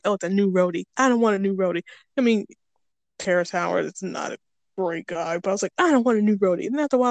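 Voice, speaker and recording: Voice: mid-range voice, no room sound. A co-host in a casual movie-ranking podcast who laughs a lot and acts out little quotes.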